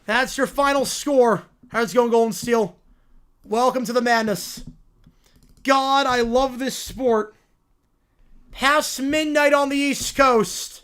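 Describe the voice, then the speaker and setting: A man hosting a live stream, reacting excitedly to college football games and answering his chat. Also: extremely high pitch, takes it slowly, long pauses, clean tone.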